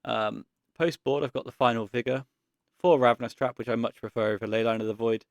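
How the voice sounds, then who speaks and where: A man giving casual gameplay commentary, thinking aloud in a relaxed way with frequent pauses and ums. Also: mid-range voice, no room sound. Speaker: card game content creator.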